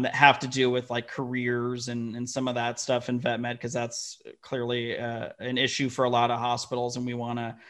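A man, a company founder guest telling lively, profane stories in a casual interview. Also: mid-range voice. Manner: animated, profane, acts out quoted dialogue.

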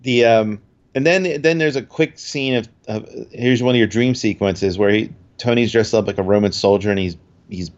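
A man's voice: on the low side, moderate pace, dull audio. A man casually recapping a TV episode in a podcast chat, rambling with fillers and acting out quotes.

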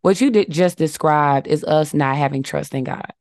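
A woman with a lower voice co-hosts a faith podcast on a dry, close mic. She reads scripture aloud and teaches in numbered points, affirming her co-host along the way. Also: moderate pace, a little mellow, no room sound. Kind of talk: casual faith talk with scripture.

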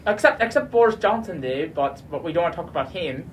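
A woman's voice: on the low side, lively intonation, fast talker, far from the mic, a little hiss or hum, poor audio. A woman co-hosting a playful home show in a put-on British accent, laughing and stammering as she talks. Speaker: co-host.

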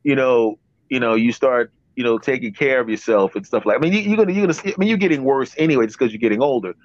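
A man in his fifties hosts a casual podcast, telling rambling stories and restarting his sentences again and again. His voice sits in the mid range and moves fast, and the recording is dry and dull.

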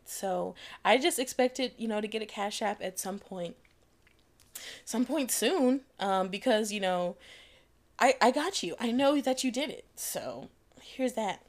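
Young woman host, casual storytelling, salty and lively, laughs through lines, slightly high voice. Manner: animated, profane, laughs often mid-sentence. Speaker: podcast host.

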